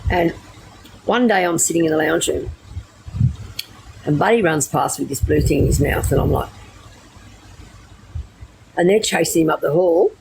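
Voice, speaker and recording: Casting: middle-aged Australian woman, blunt and crude storyteller, low voice, noisy background. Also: moderate pace, creaky, pauses often. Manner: brash, swearing, animated anecdotes. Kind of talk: casual storytelling.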